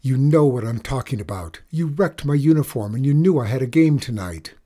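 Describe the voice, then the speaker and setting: A man voicing a scornful teenage girl in a spoken story, shrill and accusing. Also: animated, fairly quick, warm tone, natural voice. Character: bratty teenage girl, scornful older sister. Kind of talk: audiobook character voice.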